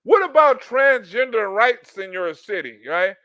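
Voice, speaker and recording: A man giving loud, profane reaction commentary, laughing and mimicking a politician as he talks. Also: high-pitched, a little slow, hardly any pauses, no room sound, highs cut off. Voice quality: animated, profane, laughing while talking. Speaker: commentary YouTuber.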